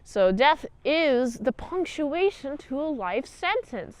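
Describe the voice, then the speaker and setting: A woman's voice: high voice, big pitch swings, takes it slowly, no room sound. A woman giving a chatty, jokey review monologue, full of "like" and retellings. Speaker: video reviewer.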